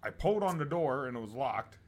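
A man's voice: medium pitch, lively intonation, a little fast. A man co-hosting a podcast, telling stories in casual chat, swearing and laughing often. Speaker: podcast co-host.

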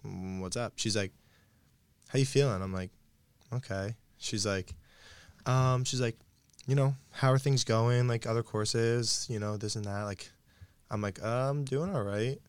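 A man's voice: fairly low pitch, steady tone, unhurried, long pauses, clear, resonant tone, no room sound. A young man in casual conversation, animatedly telling a story and acting out the quoted dialogue, laughing often.

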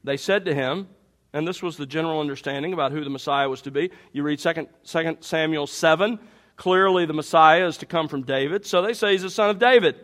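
A man with a fairly high voice preaches a sermon. He teaches through a Bible passage with energy, leaning on emphatic rhetorical questions to drive each point home. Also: a little fast, fairly bright tone. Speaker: pastor.

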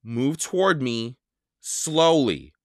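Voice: medium pitch, big pitch swings, takes it slowly, dry recording, studio quality. A storyteller voicing a cautious, bookish young boy in a children's audiobook, with a worried, bossy manner. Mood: urgent.

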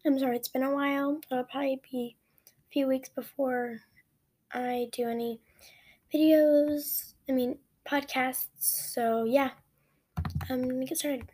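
A woman's voice: high voice, steady tone, measured pace, mellow. A woman hosting a podcast, reading her own story aloud expressively, with frequent restarts.

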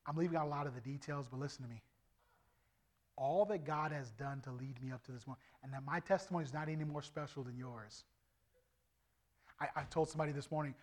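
A middle-aged man preaching his testimony as an evangelist, animated and swinging from loud to hushed. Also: on the high side. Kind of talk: testimony sermon.

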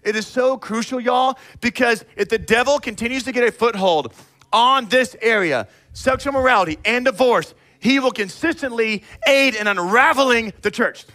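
A man preaching a sermon to his congregation, animated and emphatic, calling people out directly and acting out people in quick asides. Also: extremely high pitch. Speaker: pastor.

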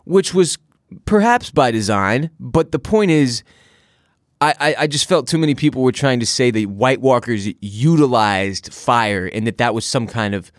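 A man's voice: mid-range voice, lively intonation, normal speed, no room sound. A male podcast co-host with an everyday mid-range voice who talks bluntly and sarcastically and swears freely. He is recorded close on a dry studio mic. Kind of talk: casual podcast chat and host-read ad.

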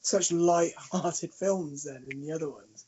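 A man's voice: a little high, unhurried, husky. A man in casual podcast chat, swearing freely and laughing as he tells stories. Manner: swears freely, laughs a lot, animated storytelling. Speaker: podcast co-host. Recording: dull lo-fi sound.

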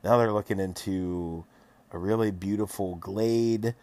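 A man acting as game master, recapping a tabletop session in a casual, animated and profane way, laughing often. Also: lowish voice, a little slow, no echo.

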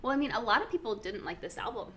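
A woman's voice: a little high, lively intonation, very fast, bright, forceful tone, slight background noise. A young woman co-hosting a podcast, chatting enthusiastically about music and laughing easily. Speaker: podcast co-host. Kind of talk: casual chat about music.

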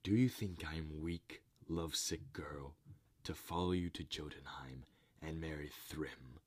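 A man doing a scornful, hushed goddess. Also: extremely low pitch, a little slow, husky, no room sound, exaggerated voice. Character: scornful female goddess in a rage.

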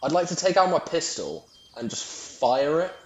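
A man's voice: fairly high pitch, lively intonation, moderate pace. A man playing a tabletop game, speaking hesitantly with many fillers. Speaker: player. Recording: echoey room with faint noise.

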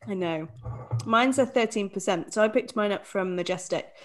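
A woman's voice: mid-range voice, normal speed. A woman around thirty, co-hosting a podcast in casual chat and steering it with questions. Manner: easygoing, steers the conversation with questions. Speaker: podcast co-host.

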